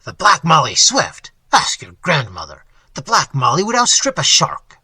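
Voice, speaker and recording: A hearty, blunt old-world innkeeper with a gruff, guttural Dutch accent, as a male reader puts him on. The voice is husky yet bright and lively, swinging widely in pitch. It sits dry and close in a storybook telling. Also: moderate pace, no room sound, heavily acted.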